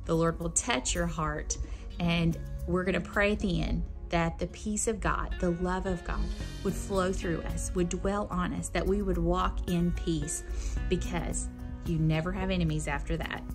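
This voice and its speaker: A woman with a fairly low voice leads a Bible lesson, sincere and encouraging. Music plays clearly behind her. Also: steady tone, measured pace. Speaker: Bible class teacher.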